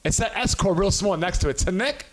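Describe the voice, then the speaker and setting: A male comedian with a high-pitched voice talks a little fast while hosting a podcast. He's an animated storyteller in casual chat, swearing freely and acting out what people said.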